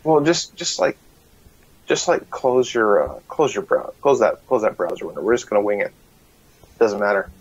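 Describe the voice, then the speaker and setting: A man with a low, gravelly, husky voice co-hosts a casual live stream, stumbling through fillers and restarts. He sounds dry and dull, as if coming through a lo-fi internet call. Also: normal speed, no room sound. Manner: hesitant, many fillers and restarts. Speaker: podcast co-host. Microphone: remote call over a bad connection.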